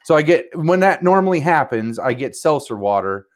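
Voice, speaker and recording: A man's voice: on the high side, very animated, normal speed. A man in casual chat, telling a long story in a rambling, profane way.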